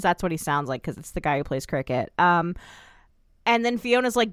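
A woman's voice: on the low side, sing-song, a little fast, a bit bright, clean tone, no room sound, studio quality. A young woman co-hosting a podcast, recapping a TV episode in a chatty, rambling way. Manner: chatty, rambling, lots of fillers and asides. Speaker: podcast co-host. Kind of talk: casual chat recapping a TV episode.

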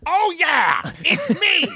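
A man putting on a shrill, squawking, nasal comedian voice for an impression. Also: huge pitch swings, extremely slow, a loud crowd, full character voice. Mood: shrieking.

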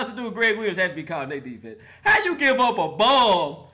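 A man's voice: sits high, very animated, fast talker, few pauses, pushed and bright. A man hosting a live call-in sports show, roasting players and fans with playful trash talk and frequent laughter.

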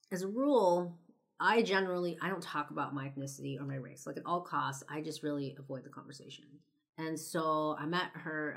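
A young woman vlogger from Los Angeles, United States tells a personal story to camera, loose and chatty, full of "like" and "you know" with some blunt swearing. Her voice is low-pitched with a fairly bright tone.

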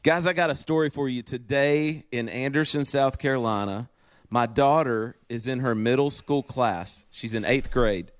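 A man co-hosting a podcast, telling stories in a lively, casual way from his office. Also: mid-range voice, normal speed, no echo, studio quality. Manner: animated storyteller, acts out quoted voices. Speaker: podcast co-host. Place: home office.

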